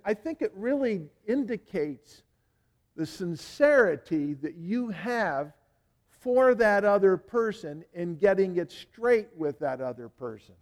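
A man's voice: high voice, a little mellow. A male pastor giving a sermon in a conversational way, full of "you know" asides and words repeated for emphasis.

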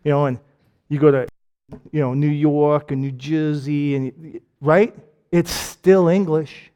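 Man, Michigan accent, preacher, slightly high-pitched, rhetorical questions, casual joking sermon. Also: steady tone, takes it slowly, dark tone, smooth, lo-fi sound. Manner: asks lots of rhetorical questions. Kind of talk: conversational sermon.

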